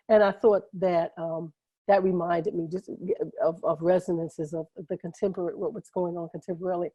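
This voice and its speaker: A woman's voice: lowish voice, fast, dark tone, husky, no echo. A woman hosting a video call conversation, asking long, enthusiastic, rambling questions that she keeps interrupting herself. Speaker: host and moderator.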